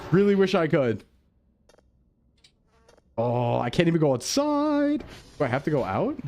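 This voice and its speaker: A man's voice: on the high side, sing-song, unhurried, darkish tone. A male streamer in casual gameplay chat, rambling to himself and his chat, jumpy and easily startled.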